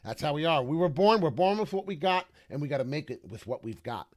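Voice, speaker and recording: A man's voice: on the high side, animated, fast talker, a little mellow, no room sound, studio quality. A man streaming crypto chart talk in a brash, slangy, rambling way with many filler uhs. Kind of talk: casual live commentary.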